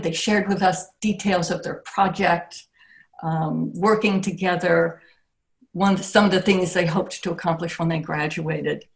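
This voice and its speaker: Older woman giving a reflective acceptance speech. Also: fairly low pitch. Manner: warm, reflective, with frequent pauses and restarts. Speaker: award recipient. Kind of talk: acceptance speech on a video call.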